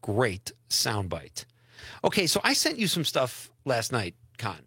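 Chatty Midwestern radio host, bright tone. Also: male voice, mid-range voice, huge pitch swings, unhurried, husky, dry recording. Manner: chatty, reads listener messages aloud. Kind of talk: casual radio talk.

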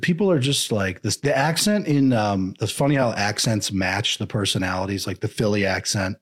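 A man's voice: fairly low pitch, normal speed, slightly rough. A man co-hosting a comedy podcast, chatting casually and rambling with lots of fillers. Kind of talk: casual chat.

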